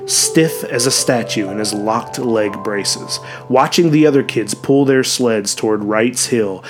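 A male narrator reads a story at a measured, steady pace with a mid-range voice. He shifts into character voices for the dialogue, while soft music runs faintly underneath. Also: medium pitch. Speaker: audiobook narrator. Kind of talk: scripted narration.

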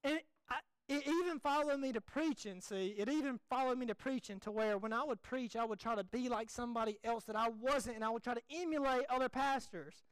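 A young man, a pastor preaching a folksy, animated, self-deprecating sermon. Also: extremely high pitch, a little fast, hardly any pauses, smooth, dry recording, low-quality recording.

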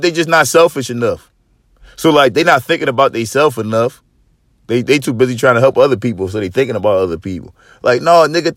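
A man's voice: mid-range voice, no echo, studio quality. Profane, swaggering male podcast host. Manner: profane, swaggering, animated storyteller. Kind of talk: casual storytelling chat.

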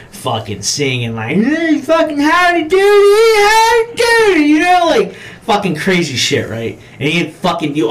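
A man co-hosting a podcast, talking casually about horror movies, swearing a lot and acting out scenes with sudden shouts. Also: mid-range voice. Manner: profane, animated storytelling with acted-out shouts. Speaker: podcast co-host.

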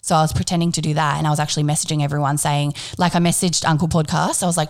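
A young woman telling a story in casual chat, animated and swearing freely as she acts out what people said. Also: low-pitched, very fast, hardly any pauses. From Australia.

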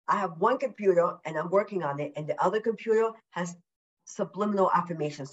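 A woman's voice: on the low side, lo-fi sound. Effusive, upbeat woman on a podcast. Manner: effusive, upbeat, repeats words for emphasis; deliberately slowed speech. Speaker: podcast guest. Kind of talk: casual interview chat. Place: at home.

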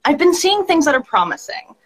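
A woman's voice: sits high, big pitch swings, a little fast, poor audio. A woman hosting a casual talk show, supportive and reassuring toward her guest. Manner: supportive, reassuring, agreeing often. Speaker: podcast host. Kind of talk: casual chat.

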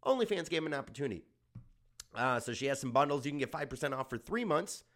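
A man's voice: medium pitch, expressive, fast talker, a bit bright. A young adult man from Germany hosting a comedy podcast, riffing crudely and sarcastically. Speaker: podcast host.

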